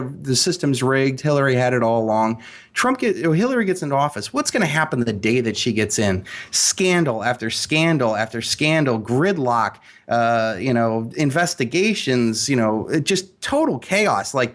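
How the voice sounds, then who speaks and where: A man speaking as an interview guest, emphatic and animated, with frequent fillers and restarts. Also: mid-range voice. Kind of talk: casual interview talk.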